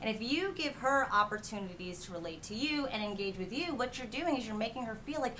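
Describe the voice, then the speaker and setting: A woman's voice: fairly high pitch, fast, few pauses, slight background noise. A woman dating coach talking frankly and acting out little quoted lines in a casual advice chat. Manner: frank, animated, acts out quotes.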